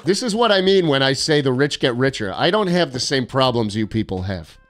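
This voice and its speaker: Sarcastic young man streaming, lively pitch. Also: fairly quick. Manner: sarcastic, joking, mock-arrogant. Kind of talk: casual live-stream chat reading viewer postcards.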